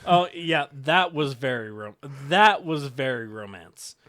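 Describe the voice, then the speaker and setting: A young man co-hosting a casual film podcast, excitable and swearing, often stumbling and restarting his sentences. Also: medium pitch, a little slow. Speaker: podcast co-host. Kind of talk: casual film-review chat.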